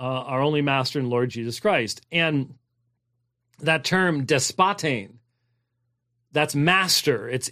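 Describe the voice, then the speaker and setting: The preacher's voice is on the high side and a bit bright as he works through a Bible passage in sermon form. Emphatic and prone to digressions, he fills his talk with fillers and restarts and keeps returning to key phrases.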